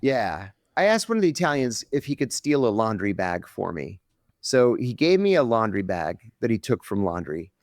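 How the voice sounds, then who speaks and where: A middle-aged man, a podcast guest, telling a story with lively acted-out quotes on a close mic. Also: lowish voice, moderate pace, dry recording.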